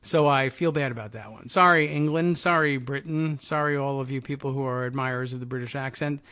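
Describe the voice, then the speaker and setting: A man's voice: medium pitch, brisk, pushed and bright. A middle-aged man hosting a political talk radio show, musing in a wry, meandering way with frequent fillers and asides.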